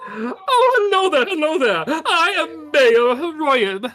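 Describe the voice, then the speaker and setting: A woman's voice: high-pitched, very animated, a bit bright, pitched above the performer's own voice, heavily acted. A woman voicing a jolly, roly-poly male town mayor who gushes and giggles at his guests. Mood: gushing. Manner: effusive, giggly, fast.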